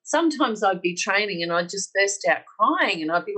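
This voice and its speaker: A woman's voice: mid-range voice, expressive, normal speed, hardly any pauses, bright, forceful tone, low-quality recording. A middle-aged woman with an Australian accent, earnestly telling her personal story on a podcast and acting out the dialogue she quotes. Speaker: podcast guest.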